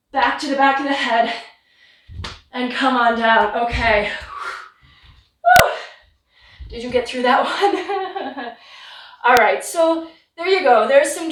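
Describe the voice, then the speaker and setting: A woman leading a guided yoga class from home, giving relaxed, encouraging cues while slightly out of breath. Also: high voice. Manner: relaxed, encouraging cues with light self-deprecation. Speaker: yoga instructor. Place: home practice room. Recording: roomy sound from a distant mic.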